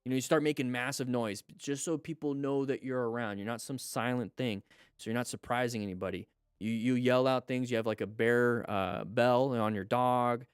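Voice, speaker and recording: A man's voice: mid-range voice, normal speed, smooth, no room sound. Man coaching riders over videos. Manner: coaching, asks questions and answers them; excited exclamations at near misses. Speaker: motorcycle riding instructor and host. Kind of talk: commentary on riding videos.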